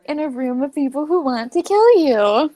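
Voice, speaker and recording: A woman's voice: high voice, expressive, normal speed, dark tone, no echo. A woman running a tabletop game as game master, with dry, amused remarks.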